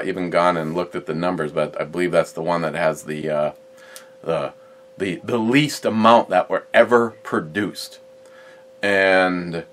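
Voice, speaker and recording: A middle-aged man hosts a gun review channel, chatting casually about his collection and rambling with many fillers and restarts. He has a deep voice with a fairly bright tone.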